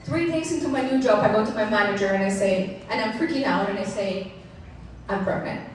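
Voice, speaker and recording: Speaking fast at medium pitch, a keynote speaker in her thirties shares frank personal stories with an event audience, laughing a lot and turning to the crowd with asides. She's recorded from far off on an echoey hall mic at a large venue, with slight background noise.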